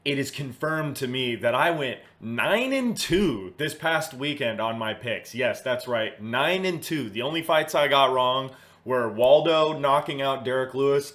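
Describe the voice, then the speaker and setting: A man's voice: medium pitch, a bit bright. A man hosting casual commentary, swearing freely and thinking aloud as he goes through results and picks. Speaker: host.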